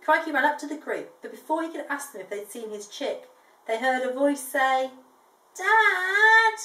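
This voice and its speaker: Aunt reading a kids' book, gentle and chatty, fairly high voice, echoey room. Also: female voice, brisk. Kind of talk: bedtime story reading to a child. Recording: echoey room, distant mic.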